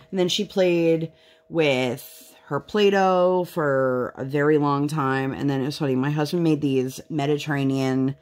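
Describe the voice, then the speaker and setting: A woman's voice: low voice, fairly even intonation, unhurried, darkish tone. A woman in her thirties chatting casually at home while she works on a craft project, telling candid stories and now and then putting on voices when she quotes people. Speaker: craft vlogger.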